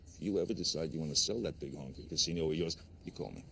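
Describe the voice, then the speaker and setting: An actor playing a crude, boastful tycoon who talks over everyone, in a satirical comedy film. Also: male voice, a bass voice, fast, gravelly, a bit bright, slight background noise, full character voice. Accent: New York. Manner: boastful, interrupts, bossy, rambling.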